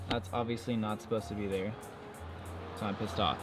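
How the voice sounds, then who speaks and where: A man's voice: fairly low pitch, steady tone, a little fast, music in the background. A young man vlogging casually outdoors around his car, talking frankly and swearing in exasperation. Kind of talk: casual vlog.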